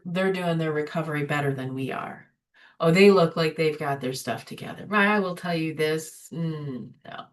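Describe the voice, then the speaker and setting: A woman with a fairly low voice leads an informal spiritual webinar. She speaks conversationally and keeps checking in with "right?" and "you know". Her voice sounds a little distant from the microphone. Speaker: recovery webinar host. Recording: voice somewhat distant from the mic.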